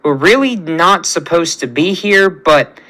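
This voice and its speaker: A man reading a fan story aloud, voicing a gentle, curious young royal woman in a soft, earnest way. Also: fairly high pitch, animated, unhurried, rough recording.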